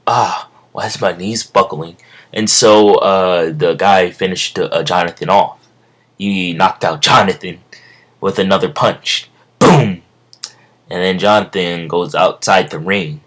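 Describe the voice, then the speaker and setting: Low-voiced young guy rambling through a story. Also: steady tone, slow pace. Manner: rambling, lots of fillers and self-corrections. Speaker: amateur storyteller. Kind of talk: improvised fan-story narration.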